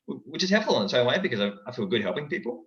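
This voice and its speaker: A young man chatting casually as a guest in an interview, lively and dropping into character voices. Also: medium pitch, very fast. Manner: animated, breaks into character voices. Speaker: guest, impressionist. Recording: dull, echoey recording.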